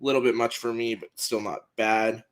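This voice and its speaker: A man's voice: lowish voice, little pitch movement, fairly quick. A man co-hosting a podcast, giving a casual sports news rundown in a plain, matter-of-fact way. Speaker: co-host reading the news.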